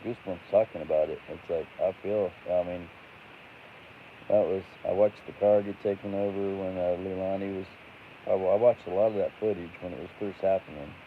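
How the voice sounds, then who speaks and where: A man hosting a casual late-night livestream and chatting with viewers, rambling and halting with lots of fillers. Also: sits low, fairly even intonation. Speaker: livestream host. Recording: tinny phone-like audio with faint hiss.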